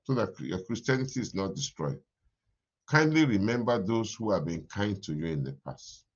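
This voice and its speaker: Animated male preacher, lo-fi audio. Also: lowish voice, moderate pace. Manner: animated preaching, repeats phrases, laughs often. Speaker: pastor. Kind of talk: morning devotion sermon.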